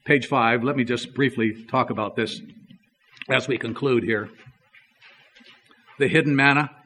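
A man's voice: medium pitch, fairly even intonation, unhurried, pushed and bright. Guy preaching a sermon, casual storytelling voice, uhs here and there. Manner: conversational, tells a joke story, fillers.

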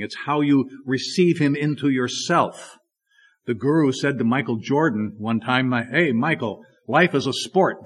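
A man's voice: mid-range voice, husky. Guy preaching a bible sermon, emphatic, keeps asking rhetorical questions.

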